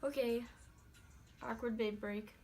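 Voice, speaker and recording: A woman's voice: fairly high pitch, steady tone, takes it slowly, a little mellow, faint music behind. Chatty young woman, faint country twang. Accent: put-on country accent. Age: young adult. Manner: chatty, self-talking, with mild exclamations. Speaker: beauty vlogger. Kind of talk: casual makeup tutorial chat. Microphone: phone camera.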